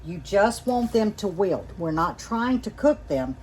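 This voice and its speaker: A woman's voice: mid-range voice, sing-song, a little slow, darkish tone. A woman hosting a folksy, chatty kitchen demonstration, checking in with her viewers as she works. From Louisiana. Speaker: home canning cook, channel host. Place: home kitchen.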